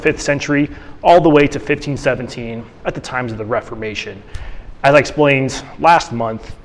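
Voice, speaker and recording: A man of middle pitch gives a casual teaching talk, circling back and restarting sentences as he explains. His voice carries a long reverb, as if he is speaking in a large hall. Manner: conversational, with frequent restarts and fillers. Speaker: church teacher.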